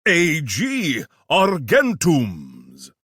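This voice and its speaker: A man's voice: fairly high pitch, huge pitch swings, a bit bright, husky, no room sound, studio quality, pitched above the performer's own voice, heavily acted. A man voicing an eccentric, flamboyant weapons scientist with a New York accent who slips into a fake posh British voice. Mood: pompous, theatrical. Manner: fast-talking, theatrical, switches to a fake posh British put-on. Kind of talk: audiobook character voice.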